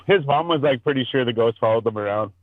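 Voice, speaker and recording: A man's voice: medium pitch, quick pace, no room sound. A man hosting a podcast in casual chat over a video call, telling rambling, profane stories. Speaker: podcast host. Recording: dry, tinny phone-like call audio.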